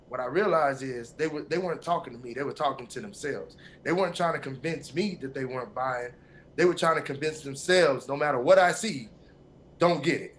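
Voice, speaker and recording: A man giving a motivational talk on a podcast, telling stories in an animated way and acting out the quotes. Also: medium pitch, a little fast, slight background noise. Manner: animated storytelling, acts out quotes. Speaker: podcast co-host.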